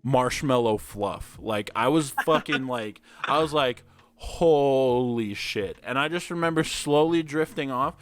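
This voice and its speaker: A man's voice: medium pitch, moderate pace, hardly any pauses, a bit bright, no room sound. A young man hosting a podcast, telling stories in a crude, laid-back way that is full of "like" and swearing. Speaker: podcast host. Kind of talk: casual storytelling chat.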